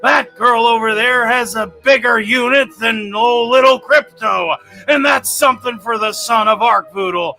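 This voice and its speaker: Crypto, a gravelly alien braggart. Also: male voice, very high voice, unhurried, hardly any pauses, sharp tone, full character voice. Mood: brash, sneering. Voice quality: gravelly, sneering. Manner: insulting, boastful, theatrical. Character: brash cocky male alien invader, gravelly. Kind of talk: character impression on a podcast.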